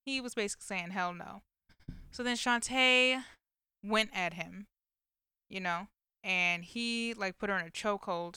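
A woman with a bright, forward voice talks casually, filling her retelling with likes and you-knows. Her tone is very smooth and clean, recorded close and dry with no room sound. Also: medium pitch, no echo. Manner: chatty storytelling with many fillers. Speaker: vlogger recapping a movie. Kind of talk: casual chat.

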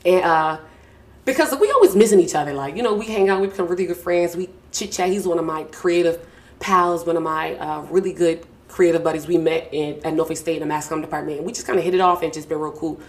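A young adult woman hosting a podcast from a small home studio, talking in a casual, effusive, slangy way and warmly thanking the people close to her. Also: fairly low pitch, fast. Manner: warm, effusive, slangy, repeats thank-yous. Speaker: podcast host. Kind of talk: casual heartfelt podcast talk. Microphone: podcast mic with mixing board.

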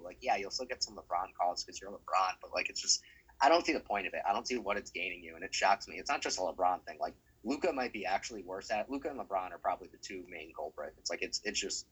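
A man co-hosting a sports podcast, talking casually in a ranting, profane and animated way. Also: on the low side, quick pace, slightly rough, poor audio. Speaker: podcast co-host.

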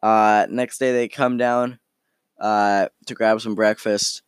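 A man's voice: on the low side, flat delivery, slow, smooth, no room sound, clean studio sound. A man recounting a tabletop game session in a hesitant way, full of fillers and restarts. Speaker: storyteller.

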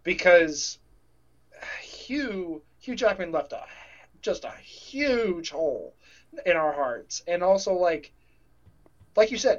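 A man co-hosting a casual podcast chat, rambling and restarting sentences as he gets emotional. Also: a little high. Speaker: podcast co-host. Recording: dull lo-fi sound.

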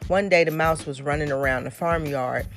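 Woman, very low voice, minister hosting a faith podcast, storytelling sermon style, faint music behind. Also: moderate pace. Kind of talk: devotional podcast talk with storytelling.

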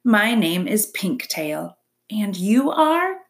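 A woman's voice: mid-range voice, sing-song, slow pace. A woman voicing a chatty, theatrical female opossum who loves to perform, in a storybook reading. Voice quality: bright, gushing, theatrical.

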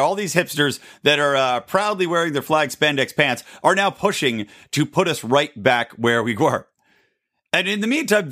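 A man hosting his own podcast, talking through his opinions in a sarcastic, animated solo monologue and laughing at his own jokes. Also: a little high. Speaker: podcast host.

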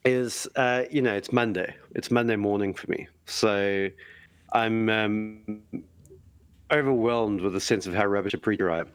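A man's voice: fairly low pitch, steady tone, moderate pace, clear, resonant tone, dry recording. A man, a preacher, chatting casually and thinking aloud with frequent restarts and self-deprecation. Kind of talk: casual podcast chat.

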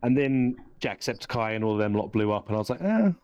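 A man hosts a casual podcast chat, his voice sitting on the low side. He talks in long, eager runs, clearly excited by what he describes. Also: fast, dry recording, lo-fi sound. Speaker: podcast host.

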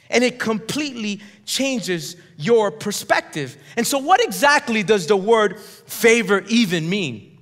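A man preaching a sermon in a high, ringing voice, with a long reverb trailing off every phrase. He leads the congregation in call-and-response and swings from shouted declarations down to near-whispered drops. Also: lively intonation, a little slow. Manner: emphatic, swings between shouts and hushed drops. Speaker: pastor. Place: church sanctuary.

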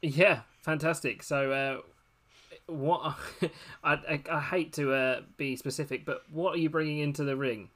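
A man's voice: a little high, fairly even intonation, unhurried, hardly any pauses, fairly bright tone. A man hosting a casual podcast game as referee, chatty and amused as he keeps things moving. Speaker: host and referee of a fantasy fight game.

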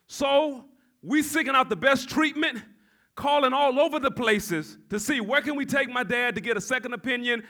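A man preaching a sermon, calling on the congregation to respond and building up to shouts. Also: very high-pitched, normal speed. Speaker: pastor.

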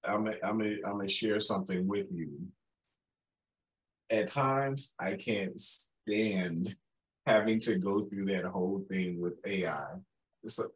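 Man, chicago accent with southern touches, lowish voice, casual chat, agreeable. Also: measured pace, rough recording. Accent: Chicago with Southern traces. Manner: agreeable, often says "yes, indeed", laughs easily. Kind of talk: casual conversation.

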